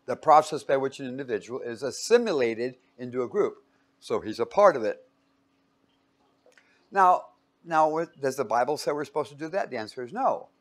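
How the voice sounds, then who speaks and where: A man's voice: mid-range voice, animated, moderate pace. A man giving an informal Bible teaching in a room with a whiteboard, casual and joking, often putting questions to his listeners.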